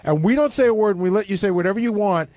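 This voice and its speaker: A man's voice: sits high, animated, rapid-fire, darkish tone, no room sound. A man on a radio show arguing pointedly and teasing a colleague in casual studio banter.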